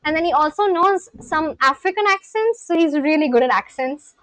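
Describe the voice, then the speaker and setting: A woman's voice: high voice, expressive, moderate pace, a bit bright, no echo, low-quality recording. A woman live-streaming, chatting casually with her viewers as she reads and answers their messages.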